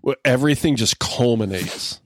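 A man's voice: mid-range voice, normal speed, dry recording, clean studio sound. A man co-hosting a podcast in casual chat, chiming in with short reactions and jokes. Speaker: podcast co-host.

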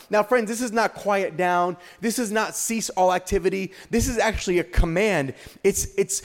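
High-voiced male pastor preaching. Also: moderate pace, few pauses. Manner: dramatic preaching with repeated rhetorical questions. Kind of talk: sermon.

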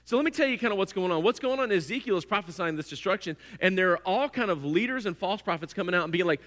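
Male preacher with a bright, forceful voice, playful and animated, in an echoing hall. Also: high voice, fast talker, few pauses. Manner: animated, humorous storytelling. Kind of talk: sermon.

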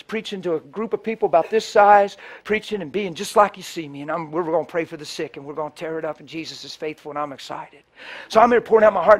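Male preacher with a high voice, animated sermon storytelling. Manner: animated storyteller, swings from hushed to loud.

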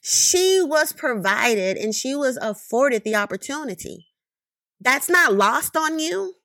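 A woman's voice: fairly high pitch, pushed and bright, dry recording. Emphatic, profane woman ranting. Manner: emphatic, profane, rhetorical questions, repeated "you know what I mean". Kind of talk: impassioned commentary monologue.

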